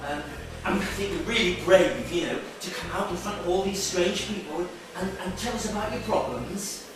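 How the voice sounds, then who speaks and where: A man's voice: sits high, normal speed, background noise, natural voice. An actor in a stage play playing Bob, a brash, pushy game show host who talks down to his contestant. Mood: patronizing. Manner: showy, bossy, speaks down to the contestant. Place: theatre stage. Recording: echoey theatre from far off, faint music.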